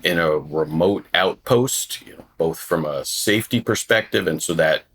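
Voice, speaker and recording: A man, a human rights lawyer, guest on a podcast, explaining in a measured way. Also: deep voice, fairly bright tone, slightly rough. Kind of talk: podcast interview.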